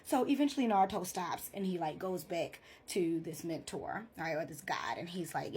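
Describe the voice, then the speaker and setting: A woman's voice: lowish voice, moderate pace, hardly any pauses, darkish tone, husky. A woman therapist chatting in a casual vlog, retelling a story and often checking in with "right?".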